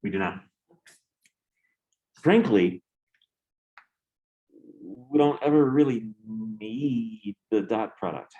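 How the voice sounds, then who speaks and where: A man's voice: on the low side, slow, pauses often, warm tone, muffled recording. A male physics professor lecturing a class, candid and joking, with exasperated asides. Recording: roomy classroom echo.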